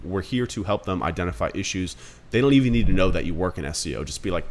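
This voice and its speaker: A man's voice: sits low, very fast. A man in his thirties giving a casual screen-recorded marketing tutorial, blunt and conversational, calling viewers guys. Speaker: marketing instructor.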